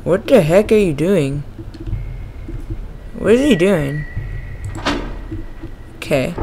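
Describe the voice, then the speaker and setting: A young man giving excitable let's play commentary on a horror game, yelping and shouting when startled. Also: sits high, a little slow, long pauses, soft background music. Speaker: gaming YouTuber.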